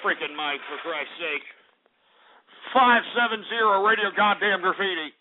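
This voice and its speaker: A man's voice: sits high, moderate pace, very noisy. A male call-in radio host ranting angrily and swearing at his callers. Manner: angry, profane, shouting tirades. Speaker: radio host taking calls. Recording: phone-like lo-fi stream audio.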